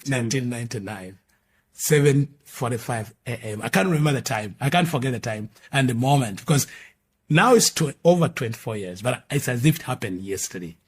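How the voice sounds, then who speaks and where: A middle-aged male pastor, giving his testimony as an emphatic storyteller who swings between loud and hushed. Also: mid-range voice, expressive, fairly quick. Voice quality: very husky. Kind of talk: testimony sermon.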